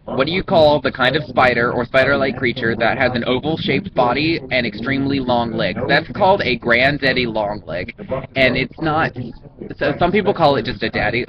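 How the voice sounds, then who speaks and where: A man with a Southern US drawl chats through a casual vlog, wandering and restarting his sentences. The recording is dull and lo-fi. A clear crowd murmur runs underneath him. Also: medium pitch. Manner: rambling, chatty, frequent ums and restarts. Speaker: vlogger. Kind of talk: casual accent-challenge vlog.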